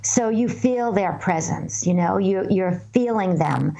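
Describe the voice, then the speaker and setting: A woman, a guest medium, answering interview questions and telling stories in a calm, earnest, measured way. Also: mid-range voice, gravelly.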